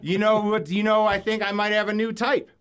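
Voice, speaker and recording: A man hosting a podcast, telling loud, animated stories in casual chat and swearing freely. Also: high voice, brisk, smooth. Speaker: podcast host.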